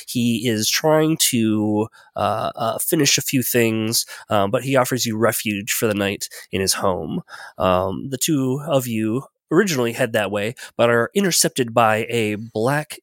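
A man's voice: medium pitch, fairly bright tone, no room sound. Rambling, joking male game master. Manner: rambling, jokey, hesitant. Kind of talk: narrating a tabletop game.

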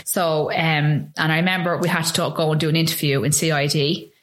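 Low-voiced Irish woman recounting a trauma. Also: fairly even intonation. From Ireland. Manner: halting, with frequent ums and restarts. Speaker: guest. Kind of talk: emotional personal testimony.

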